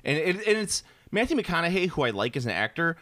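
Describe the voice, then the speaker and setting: A man's voice: fairly high pitch, big pitch swings, quick pace, bright, forceful tone, dry recording, studio quality. A man in casual chat, rambling and opinionated, often restarting his sentences.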